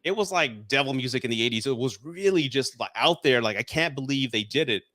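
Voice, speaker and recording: A man's voice: mid-range voice, expressive, a little fast, fairly bright tone, dry recording. A man in his forties, a guest on a casual podcast chat, telling nostalgic stories with many restarts. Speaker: guest reviewer.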